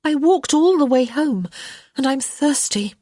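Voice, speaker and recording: A woman's voice: sits high, animated, a little slow, mellow, dry recording, pitched above the performer's own voice. A woman voicing a stubborn young unmarried lady who answers her mother in a dry, teasing way. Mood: wry.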